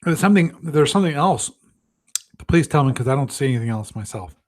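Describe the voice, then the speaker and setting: A man with a slightly higher voice hosts a gaming livestream, speaking in animated, slightly quick bursts. He rambles and thinks aloud, restarting sentences constantly. He mocks himself in a loose, offhand way throughout his casual commentary.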